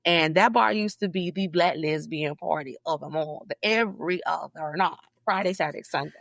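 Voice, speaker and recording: A woman from Southeast Georgia, a guest in a casual interview, telling stories in an animated, emphatic way with sudden high, loud bursts. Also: normal speed, gravelly, no room sound. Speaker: podcast guest, librarian.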